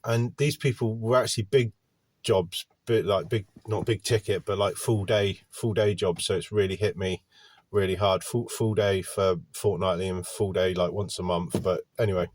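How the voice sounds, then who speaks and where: A man's voice: low-pitched, steady tone, normal speed, a little mellow, no echo. An English man rambling glumly to camera in a casual vlog rant while getting over a cold, sitting in his van. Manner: glum, candid, wandering talk. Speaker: gardener vlogger. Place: parked van by a park.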